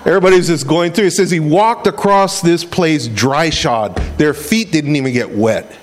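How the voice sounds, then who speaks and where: Preacher, man, middle-aged, from Hawaii; higher voice, chatty, acts out a story with sound effects. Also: normal speed, soft background music. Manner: conversational, repeats words. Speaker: pastor. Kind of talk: casual sermon.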